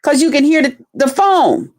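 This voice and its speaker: A middle-aged woman streamer answers a rival with a heated, profane story, blunt in tone and acting out other people's voices. Her high-pitched, slightly mellow voice swings hugely in pitch at a moderate pace.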